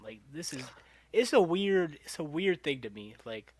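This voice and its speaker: A young man co-hosting a podcast, chatting casually, animated and laughing often as he acts out quotes. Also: on the high side, unhurried, a crowd in the background. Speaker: podcast co-host. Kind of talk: casual chat.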